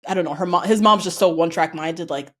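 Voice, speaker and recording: Woman, podcast co-host, casual show recap, animated, quick laughs, casual swearing. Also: on the low side.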